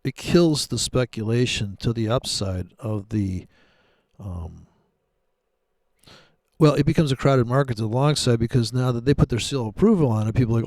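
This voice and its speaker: Trading live on stream, this man delivers rambling commentary laced with sarcasm and profanity. His mid-range, darkish voice moves at a normal speed, recorded in clean studio sound with no room noise.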